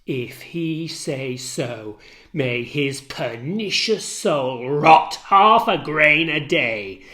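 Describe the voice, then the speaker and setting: A man performs a dramatic play reading, giving full character voice to a loyal, outraged middle-aged maidservant. He speaks extremely slowly with lively intonation and a sharp tone, raising his voice high as she cries out in alarm.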